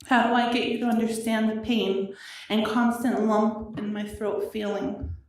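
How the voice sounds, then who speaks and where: A woman reads a prepared statement in a courtroom, her voice wavering and halting with grief. Her voice sits a little high. It comes from a microphone some distance away and rings with a strong, echoey hall sound. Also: little pitch movement. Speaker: victim's sister giving an impact statement. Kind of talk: reading a prepared statement aloud. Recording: echoey courtroom audio from far off.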